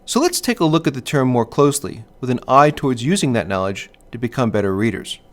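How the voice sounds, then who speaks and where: A male teacher narrates a scripted literature lesson clearly and in a measured way, sounding out stress patterns as he goes. His mid-range voice is expressive.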